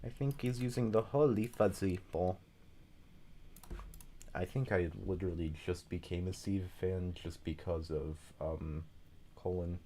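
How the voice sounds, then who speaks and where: Deep-voiced man with slight Southern twang. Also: unhurried, warm tone, slight background noise. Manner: rambling, chatty, apologetic asides. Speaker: level creator streaming. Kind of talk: casual commentary while building a game level.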